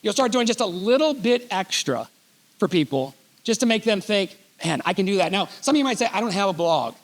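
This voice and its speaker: Lively high-voiced man giving a keynote. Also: fairly quick. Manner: animated, reads letters aloud, jokey asides. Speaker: keynote speaker. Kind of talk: storytelling keynote speech. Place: conference hall stage.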